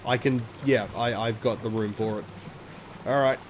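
A man's voice: medium pitch, fairly even intonation, moderate pace, noisy background. Profane, chatty let's play man. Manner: profane, self-mocking, chatty asides. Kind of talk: casual gameplay commentary. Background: game music.

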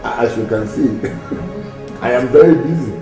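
An actor playing a busy, defensive husband who talks fast and coaxes. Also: male voice, medium pitch, vocal fry. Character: busy middle-aged husband, defensive and coaxing. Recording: distant echoey room with music.

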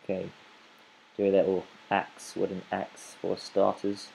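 Slow, low-voiced man narrating gameplay. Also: monotone, creaky, darkish tone, a little hiss or hum, rough recording. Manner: playful, rambling, talks to the game animals. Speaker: gaming channel host. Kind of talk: let's play game commentary.

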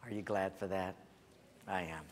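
A man's voice: low voice, steady tone, normal speed, very noisy. Earnest male pastor in an echoing church. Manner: earnest, conversational preaching. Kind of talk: sermon. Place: large church hall.

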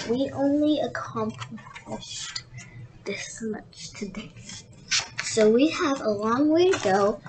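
A woman reads a children's picture book aloud for young viewers. She takes it slowly and expressively in a somewhat raised voice, stopping for friendly asides. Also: a little high, background noise. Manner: slow and expressive, with chatty asides. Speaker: read-aloud channel host.

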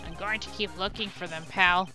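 A woman's voice: lowish voice, fairly even intonation, moderate pace, sharp tone, soft background music, pitched below the performer's own voice. A woman voicing a bumbling, loyal male police detective who apologizes earnestly and keeps calling people pal. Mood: apologetic. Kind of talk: voicing game dialogue.

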